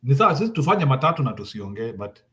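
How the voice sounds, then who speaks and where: A man's voice: mid-range voice, big pitch swings, fast, pushed and bright. A man with a Kenyan accent making heated political commentary, slipping into Swahili and hammering his points home through repetition. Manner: insistent, repeats points, switches into Swahili.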